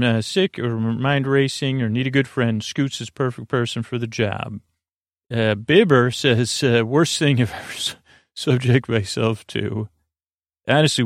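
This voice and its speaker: A man hosting a sleep podcast, reading listener reviews aloud in a halting way, with many ums and restarts. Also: mid-range voice, creaky, no room sound, clean studio sound. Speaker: podcast host.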